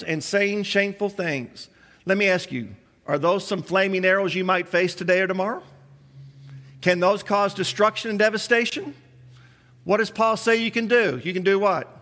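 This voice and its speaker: Pastor, male, high voice, preaching with rhetorical questions, big reverberant room. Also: a bit bright. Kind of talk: sermon.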